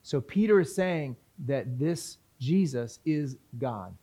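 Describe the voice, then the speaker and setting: A man's voice: mid-range voice, animated, slow pace, mellow. A man teaching from the Bible in a sermon, asking the audience questions and reading passages aloud. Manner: reads scripture aloud.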